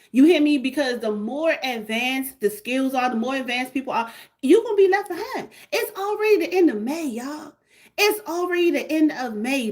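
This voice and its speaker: Hyped woman pitching on a livestream. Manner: repetitive, hyped, call-and-response. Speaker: livestream host selling a membership.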